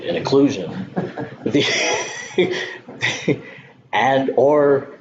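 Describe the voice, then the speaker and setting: A man giving a Zen dharma talk, speaking in a halting way with many pauses and soft laughs. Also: lowish voice. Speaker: Zen teacher. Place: meditation hall. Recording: dull lo-fi recording with background noise.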